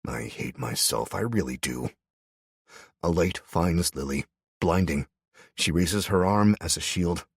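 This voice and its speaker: A man's voice: sits low, animated, unhurried, creaky, breathy edge, no echo, studio quality. A man narrating a first-person audiobook in a tense, wry manner.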